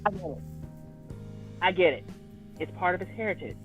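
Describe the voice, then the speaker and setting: A man co-hosting a casual online talk show, ranting in an animated, exasperated way with plenty of cursing. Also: high-pitched, fairly quick, highs cut off, soft background music. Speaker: podcast co-host. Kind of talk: casual chat.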